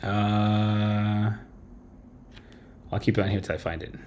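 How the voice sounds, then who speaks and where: A man's voice: on the low side, fairly even intonation, slow, a little mellow, slight background noise. A man hosting a late-night livestream, ranting bluntly with constant swearing and tagging his points with "right?". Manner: blunt, heavy swearing, tags lines with "right?". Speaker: livestream host. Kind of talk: profane late-night stream rant.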